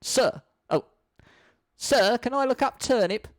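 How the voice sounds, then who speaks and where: A man's voice: extremely high pitch, animated, slow pace, dry recording, pitched above the performer's own voice, heavily acted. A man reading a screenplay aloud, voicing a dim-witted, simple male servant who talks earnestly. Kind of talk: screenplay read-through.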